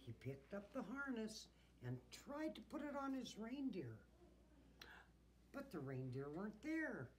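A teacher reads a picture book aloud to children, expressive and chatty with her listeners. Her pitch swings lively over a slow, careful pace. A faint hum of room noise sits behind her. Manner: expressive, asks the listeners questions.

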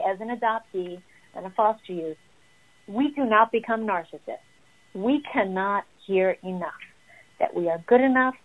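A woman therapist explaining parenting advice in an animated, emphatic way. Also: medium pitch. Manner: animated and emphatic, acting out what children say. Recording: tinny phone-like audio.

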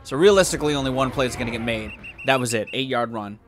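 Bright-voiced profane gaming commentator man. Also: medium pitch, fast, a little hiss or hum. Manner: excitable, profane, yells at the game. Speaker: gaming YouTuber. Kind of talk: let's play commentary.

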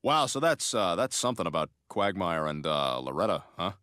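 A dry, sarcastic cartoon dog, in a plain voice with lively pitch. The sound is close and dry. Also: male voice, fairly quick, dry recording, exaggerated voice. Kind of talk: cartoon voice acting.

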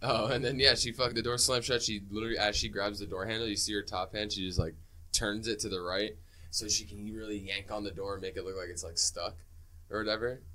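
A deep-voiced man talks quickly and profanely about a horror movie on a casual podcast. His banter is loose and rapid. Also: steady tone, sharp tone, a little hiss or hum. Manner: fast, profane, riffing banter. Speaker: podcast co-host. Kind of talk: casual movie review chat.

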